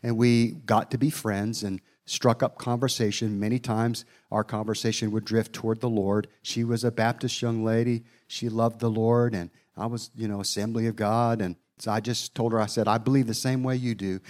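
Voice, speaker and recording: A man's voice: lowish voice, little pitch movement, normal speed, hardly any pauses, darkish tone. Folksy middle-aged male preacher. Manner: folksy storytelling with spoken asides. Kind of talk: sermon storytelling.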